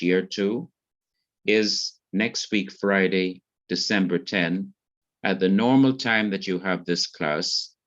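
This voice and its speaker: A man's voice: deep voice, a bit bright, lo-fi sound. A man with a Jamaican accent, carefully explaining grammar rules in an online revision lesson. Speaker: Hebrew teacher.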